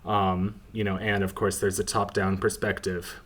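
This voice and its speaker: A woman hosting a let's play, giving casual, rambling commentary with quiet, self-mocking asides. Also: a bass voice, little pitch movement, normal speed, breathy edge.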